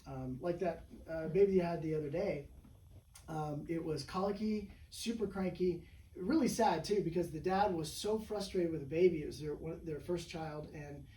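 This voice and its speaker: A man's voice: on the high side, moderate pace, warm tone. Rambling man in an echoey room. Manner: rambling storyteller, full of "you know" and "right?". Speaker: chiropractor. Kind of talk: casual interview chat. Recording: echoey room, mic at a distance, faint background hum.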